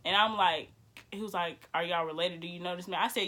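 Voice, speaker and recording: A young woman tells a personal story in a blunt, animated way and swears freely. Her voice is bright and forceful, and it sits a little low for a woman. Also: fairly quick. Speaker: vlogger. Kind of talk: emotional storytelling.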